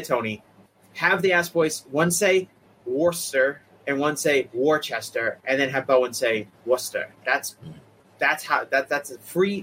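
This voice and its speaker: A man from the Boston area co-hosts a podcast in loose conversation. He talks in an animated way and drifts into playful asides, at a middling pitch. A faint ambience hums underneath. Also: slight background noise, low-quality recording. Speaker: podcast co-host, reporter. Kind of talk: casual podcast chat.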